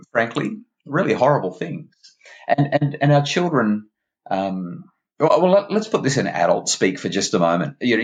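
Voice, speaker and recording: A man, a parenting expert guest on a podcast interview, talking in an animated, emphatic way and often restarting his words. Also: lowish voice. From Australia.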